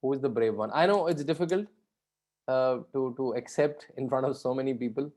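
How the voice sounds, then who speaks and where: A man's voice: medium pitch, fairly quick, a little mellow. Man leading an interactive session. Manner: conversational, asks the audience questions, keeps adding "right?". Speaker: guest speaker leading a session. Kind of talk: interactive talk to students.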